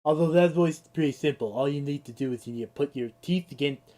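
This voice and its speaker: A man's voice: fairly high pitch, fast, warm tone, a little hiss or hum. A young man with a sore throat ranting and swearing through a casual live-stream of a game. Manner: ranting, exasperated, swears freely.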